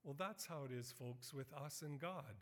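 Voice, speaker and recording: A middle-aged man preaching a sermon as a missionary, earnest and building to emphatic, animated quotes. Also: a little high, normal speed. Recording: long hall reverb.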